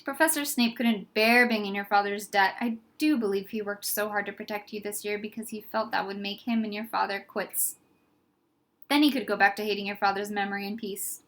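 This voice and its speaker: A woman's voice: mid-range voice, fairly even intonation, fairly quick, a bit bright, lightly acted. A woman voicing a dreamy, whimsical old male headmaster in a storybook reading. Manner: dreamy, playful.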